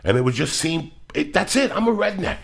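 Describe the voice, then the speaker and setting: A middle-aged man hosting a podcast, telling rambling, profane stories in a loud, animated way. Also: a little high, brisk, gravelly. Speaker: podcast host. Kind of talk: casual podcast chat.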